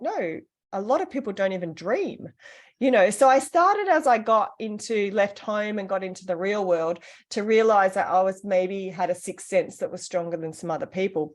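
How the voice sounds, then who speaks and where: A woman, co-hosting a podcast and telling a personal story in a casual, animated way. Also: medium pitch. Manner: animated, acts out the voices of people in her stories. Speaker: podcast co-host.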